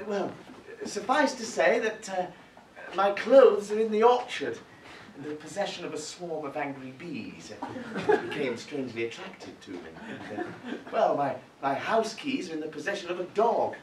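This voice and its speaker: A man's voice: on the high side, very animated, moderate pace. A man doing a flustered, apologetic stand-up monologue, full of hesitations. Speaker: stand-up comedy performer. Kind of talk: stand-up sketch monologue to a live audience. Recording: echoey room, far from the mic, noisy. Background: audience laughter.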